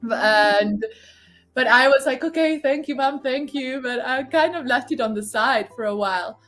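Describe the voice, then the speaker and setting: A woman's voice: sits high, normal speed, fairly bright tone, soft background music. A woman telling a personal spiritual story in a casual, emotional way, often laughing and acting out the voices of others. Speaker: guest sharing spiritual story.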